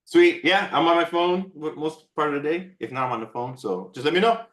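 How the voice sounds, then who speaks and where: A man's voice: on the high side, brisk, a bit bright. A man in casual chat, easygoing and agreeable, giving upbeat life advice. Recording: echoey room sound.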